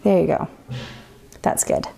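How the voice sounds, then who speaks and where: A middle-aged American woman teaches metalsmithing on a livestream, chatting casually with viewers, laughing often and sounding tired. Her warm voice is unhurried, with slight background noise.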